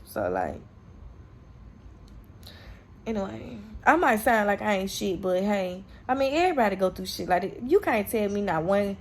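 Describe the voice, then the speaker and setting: A young woman vlogger telling a personal story to camera in a candid, profane, animated way, acting out the lines she quotes. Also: mid-range voice.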